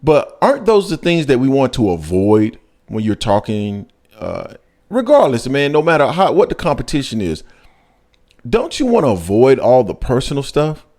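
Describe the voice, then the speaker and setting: A man's voice: medium pitch, huge pitch swings, normal speed, a little mellow. Emphatic male sports show host. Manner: emphatic, rises sharply when making a point. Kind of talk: casual sports talk.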